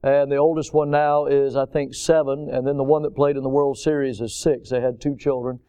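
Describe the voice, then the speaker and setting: A man's voice: mid-range voice, level tone, a little fast, dark tone, clear, resonant tone. A man preaching a sermon, emphatic, repeating words and phrases for stress.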